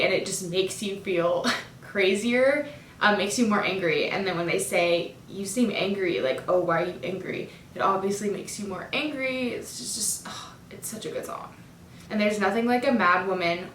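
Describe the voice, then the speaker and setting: A woman's voice: moderate pace, fairly bright tone, distant mic. A woman casually breaking down song lyrics, chatty and enthusiastic, with lots of fillers. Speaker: music fan breaking down an album. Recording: echoey room, voice from off the mic, faint rumble.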